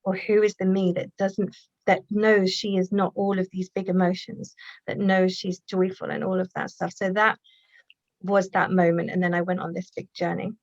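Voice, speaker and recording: Woman guest, reflective storyteller, muffled dry video-call sound, halting and earnest. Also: medium pitch, flat delivery, a little mellow, dry recording. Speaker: guest, healer and author. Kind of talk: personal storytelling in conversation.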